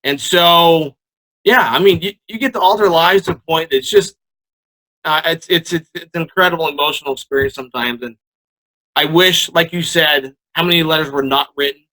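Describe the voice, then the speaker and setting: A man speaking as a podcast guest about his dental lab work, earnest and animated as he tells stories. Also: a little high, moderate pace, poor audio. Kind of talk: casual interview conversation.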